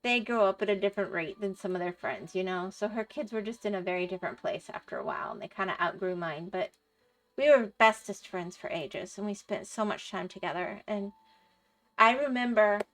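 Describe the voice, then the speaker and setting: Her mid-range voice has a fairly bright tone as this middle-aged woman livestreams a casual gaming chat. She rambles through stories, laughs a lot and replies to her chat.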